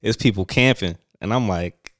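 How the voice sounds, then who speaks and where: A man's voice: fairly low pitch, moderate pace, fairly bright tone, no room sound, studio quality. A young man co-hosting a casual chat, talking in laid-back slang and acting out quotes.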